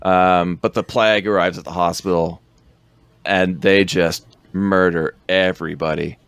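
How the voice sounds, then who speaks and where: A man's voice: low-pitched, fairly even intonation, unhurried, a bit bright, clean tone, no room sound. A man co-hosting a podcast, rambling through a film recap in casual chat, laughing often.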